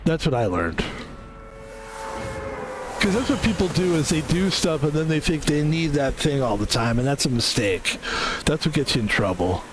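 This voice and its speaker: A man's voice: on the high side, sing-song, normal speed, long pauses, noisy background. A man streaming a video game, chatting casually in a rambling, profane, self-deprecating way. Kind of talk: casual rambling gameplay commentary.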